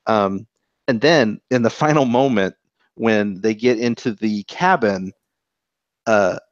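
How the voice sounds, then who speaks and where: A man co-hosting a podcast, chatting casually about anime episodes in an animated, rambling way and swearing freely. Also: lowish voice, dry recording. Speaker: podcast co-host. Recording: dull lo-fi podcast audio.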